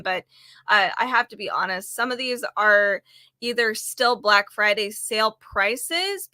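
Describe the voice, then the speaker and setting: A woman's voice: fairly high pitch, bright, forceful tone, no echo. A woman casually showing sale items on camera from her home office, chatty and rambling, her voice a little worn. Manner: chatty, rambling, self-deprecating. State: slightly losing her voice. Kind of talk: casual product vlog. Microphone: desk microphone on camera.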